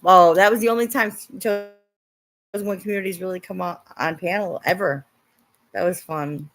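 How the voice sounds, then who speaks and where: A woman hosts a casual livestream and talks straight to her viewers. Her voice sits a little low in pitch, and she gets animated, swearing freely and mimicking her critics in mocking tones. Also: normal speed. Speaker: livestream host.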